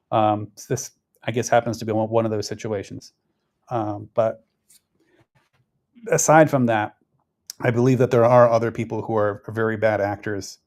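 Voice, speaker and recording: A man talks through local politics in a loose, conversational way. He rambles, trips over his words and circles back to finish his thoughts. His voice sits at an ordinary middle pitch. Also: a little mellow. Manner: rambling, conversational, frequent restarts and fillers. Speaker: political commentary host. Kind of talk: casual political commentary.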